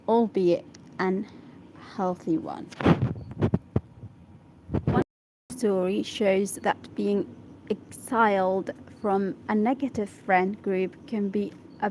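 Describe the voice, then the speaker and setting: A woman's voice: medium pitch, a little mellow, a little hiss or hum. A woman whose first language is Arabic reads an English article aloud for practice, stopping to sound out and repeat hard words and to check her pronunciation. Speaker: English learner reading aloud.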